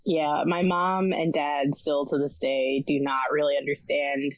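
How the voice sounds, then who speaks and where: A woman's voice: sits low, little pitch movement, a little slow, no echo, poor audio. A woman guest on a casual podcast, answering candidly and laughing between answers. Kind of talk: casual chat.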